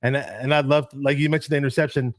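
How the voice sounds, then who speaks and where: A man's voice: mid-range voice, fairly even intonation, no echo. Chill guy talking football picks, takes his time, says um a lot, dry sounding mic. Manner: measured, laid-back, frequent ums. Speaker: co-host of a fan show. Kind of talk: casual sports talk.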